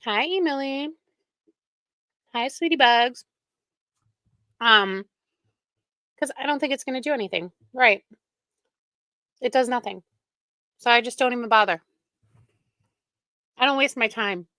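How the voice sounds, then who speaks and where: A woman's voice: on the high side, unhurried, long pauses, sharp tone, no echo. A woman hosting a live stream, chatting casually and with exasperation, laughing often, close to the microphone. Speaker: livestream reaction host.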